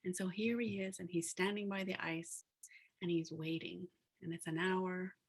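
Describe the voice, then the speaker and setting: A woman's voice: fairly low pitch, steady tone, moderate pace, breathy edge. A woman giving a casual storytelling talk as a guest speaker and planner, filling with "like" and "you know", heard over a video call.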